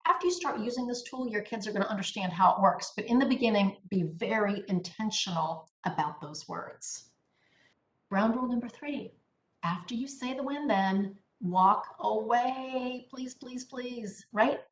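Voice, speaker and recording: A woman presents a parenting talk at a mid pitch, leaning hard on key words and tagging points with "right?". Her voice rings out in an echoey room. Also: moderate pace. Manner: emphatic, keeps asking "right?". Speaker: parenting educator. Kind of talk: instructional presentation.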